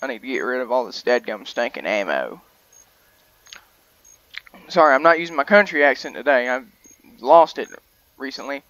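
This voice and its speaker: A man's voice: mid-range voice, expressive, moderate pace, a bit bright, dry recording, lo-fi sound. A young man, rambling and chatty as he gives casual commentary on a hunting game, often correcting himself mid-sentence. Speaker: gaming video host.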